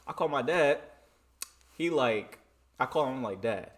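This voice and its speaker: A man from Michigan telling a story in a casual vlog, animated and dramatic, often repeating "you know what I'm saying.". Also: medium pitch, measured pace. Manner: dramatic re-enacting of dialogue.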